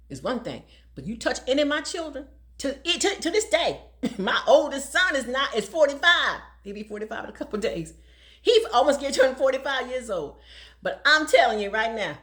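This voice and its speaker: Lively older woman, laughing often. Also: a little high, fairly quick. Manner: emphatic and preachy, laughs often between points. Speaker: domestic violence advocate. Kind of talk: casual talk to camera.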